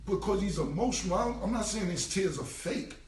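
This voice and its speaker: A man's voice: high voice, lively intonation, brisk. Forty-something guy going off on a phone live, keeps repeating himself, echoey room, mic kinda far. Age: 40s. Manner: emphatic, repeats himself, slangy and profane. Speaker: rapper responding on a livestream. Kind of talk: casual rambling livestream rant. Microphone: phone held away. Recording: roomy echo, voice away from the phone mic.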